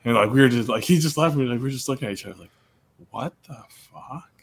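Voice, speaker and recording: A young man co-hosting a podcast, telling a long story in loose, casual chat. He laughs a lot and fills his talk with "like" and "you know". His voice sits in an ordinary middle pitch. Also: racing. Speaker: podcast co-host; coach.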